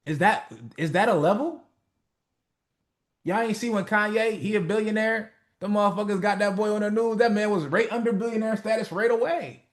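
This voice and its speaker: A man's voice: high-pitched, moderate pace. A man hosting a motivation call, talking in a blunt, profane, preachy way and acting out the people he quotes. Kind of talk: casual motivational talk.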